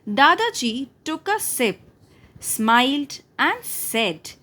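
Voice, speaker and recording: A woman's voice: sits high, sing-song, slow pace, sharp tone. A woman teaching young children. She reads a textbook story aloud and explains it, asking questions and then answering them in a sing-song way.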